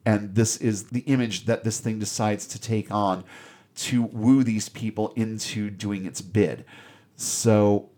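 A man's voice: on the low side, steady tone, takes it slowly, warm tone. A man hosting a podcast, recapping a film in casual, sarcastic and irreverent commentary.

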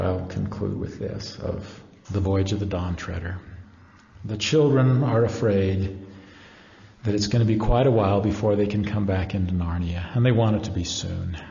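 A man speaks earnestly and reverently in a devotional talk, his low voice dark and gravelly. The recording is dull and lo-fi, with the long reverb of a large hall.

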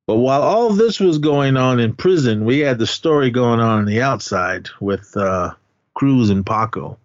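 A man's voice: medium pitch, lively intonation, normal speed, dry recording, lo-fi sound. A man co-hosting a podcast, rambling through a casual movie recap and laughing as he goes. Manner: rambling, laughing, acts out quotes. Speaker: podcast co-host.

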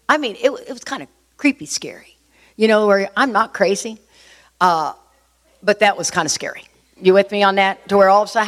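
A middle-aged woman tells a personal story to an audience. She is lively and confiding, and she keeps pulling her listeners in. Her voice sits at an ordinary middle pitch. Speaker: speaker sharing a recovery story.

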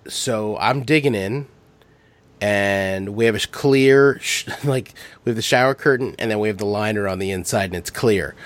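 A man hosting a podcast, telling crude stories in casual chat, swearing freely and laughing as he talks. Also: lowish voice. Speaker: podcast host.

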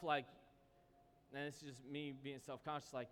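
A man's voice: medium pitch, level tone, normal speed, pauses often, fairly bright tone. A man preaching a sermon as pastor, telling a personal story and then building to an impassioned appeal to his church. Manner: storytelling, rising to impassioned exhortation. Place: church hall. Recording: echoey hall with faint noise.

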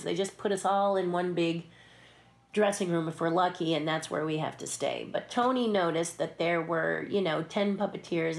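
Her voice is low and gravelly: she's a puppeteer and stunt performer sharing anecdotes from behind the scenes in a relaxed interview. She stays lively throughout, performing the voices in her stories and frequently breaking into laughter.

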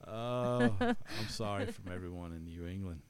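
A man's voice: low voice, wildly swooping pitch, moderate pace, smooth. A man, chatting casually and rambling with many restarts. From East Tennessee. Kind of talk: casual chat.

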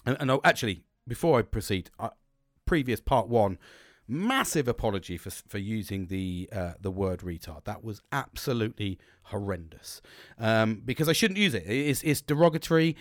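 A man's voice: on the low side, lively intonation, moderate pace, no room sound, studio quality. A British man vlogging an unscripted personal monologue, talking bluntly with frequent swearing and many false starts. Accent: British English. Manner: blunt, swearing, restarts sentences often; self-described bolshy and gobby, talks with no filter.

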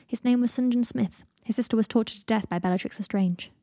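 A woman voicing a soft-spoken, weary young man. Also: a little high, fast, dry recording, studio quality, lightly acted. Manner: soft, subdued, often near a whisper.

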